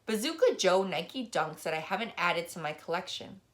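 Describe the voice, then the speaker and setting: A woman's voice: fairly low pitch, lively intonation, moderate pace, a bit bright. A woman reading a novel aloud, narrating expressively in the first person. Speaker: reader.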